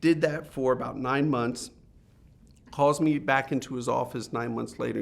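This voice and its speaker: Animated storytelling man, laughing often. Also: medium pitch, moderate pace, creaky. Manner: animated, laughs often while telling stories. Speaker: interview guest, businessman. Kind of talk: casual storytelling.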